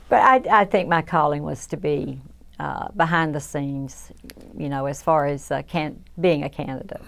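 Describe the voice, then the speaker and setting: A woman's voice: sits low, fairly even intonation, moderate pace, vocal fry. An older woman from south Georgia with a Southern American accent, reflecting in an oral history interview with many restarts and fillers.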